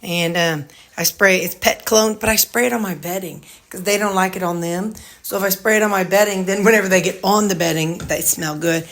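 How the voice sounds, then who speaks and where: A woman's voice: mid-range voice, fairly bright tone. A woman with a Missouri accent rambles through a casual home tour vlog, stopping to talk sweetly to her dogs. She speaks into a handheld phone indoors in her own house, loose and chatty. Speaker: vlogger.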